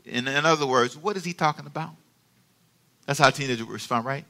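A man preaching a sermon with animated call-and-response and playful asides to the congregation. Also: a little high, normal speed. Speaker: pastor.

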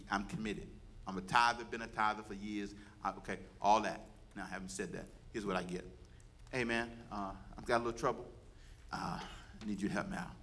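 Preaching in a somewhat low voice with a slight hiss or hum, this pastor calls on his congregation to echo his words. He builds his exhortation loudly and rising, trading call and response with them.

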